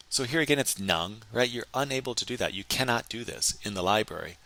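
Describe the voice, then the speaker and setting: A man teaching a recorded Chinese grammar lesson, explaining in English and slowly modeling sentences in Chinese. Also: medium pitch, lively intonation, pushed and bright.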